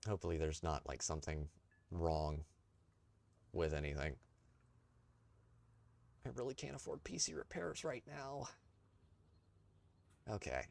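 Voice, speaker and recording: A man's voice: low-pitched, lively intonation, unhurried, gravelly, long pauses, darkish tone. A young man streaming a tank game, tired and rambling in a self-deprecating way while talking to his chat. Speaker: gaming streamer. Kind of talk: casual live-stream commentary.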